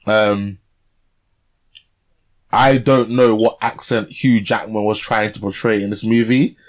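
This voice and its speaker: A man's voice: lowish voice, steady tone, slow pace. A young man co-hosting a podcast, chatting casually about a film with lots of fillers and tag questions. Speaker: podcast co-host. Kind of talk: casual film review chat.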